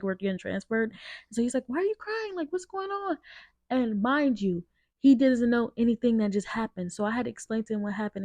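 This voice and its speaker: A woman's voice: mid-range voice, no echo. A young woman hosting a podcast, telling a personal story in a candid, emotional way, with lots of "like". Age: young adult. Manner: emotional, candid, with frequent fillers like "like". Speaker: podcast host. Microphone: changed to a lower-quality mic partway.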